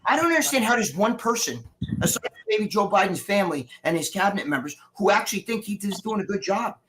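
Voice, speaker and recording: A middle-aged man, a guest on a casual live stream, rants in a heated, rambling way and swears a lot while recovering from surgery. His voice is high-pitched and sing-song, quick and a bit bright, with a little hiss or hum behind it.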